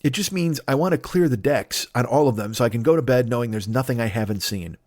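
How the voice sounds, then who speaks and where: A man's voice: mid-range voice, fast talker, darkish tone, no echo. A man, a comedian hosting his podcast, rambling through a playful, profane solo monologue on a close mic.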